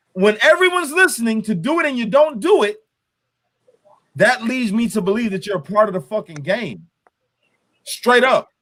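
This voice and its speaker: A man's voice: extremely high pitch, a bit bright. A man hosting a heated political discussion, ranting with heavy profanity and emphatic repetition. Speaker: host.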